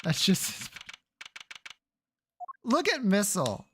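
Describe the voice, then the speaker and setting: A woman's voice: medium pitch, huge pitch swings, takes it slowly, a bit bright, a little hiss or hum. A woman streamer giving playful, joking commentary while playing a game.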